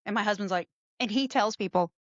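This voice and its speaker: A middle-aged woman hosting a podcast, telling stories in an animated way with lively quoted asides. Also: medium pitch, fast talker, dry recording. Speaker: podcast host. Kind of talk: casual chat. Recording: dull lo-fi sound.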